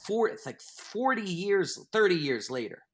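Animated man explaining at length. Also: high voice, unhurried, slightly rough. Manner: animated, emphatic, restarts thoughts. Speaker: author and guest. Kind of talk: interview conversation.

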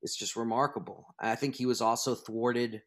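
A man in a conversational interview, explaining his views at length with emphatic, animated delivery. His voice sits in a middle register, and he often stops and restarts a thought as he builds toward his point. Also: medium pitch, normal speed. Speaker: author and guest.

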